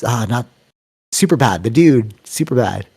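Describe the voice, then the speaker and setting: A man's voice: medium pitch, normal speed, slightly rough. A man co-hosting a podcast, telling rambling stories in casual chat and acting out what people said. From Canada. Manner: rambling, animated storytelling with acted-out quotes. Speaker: podcast co-host.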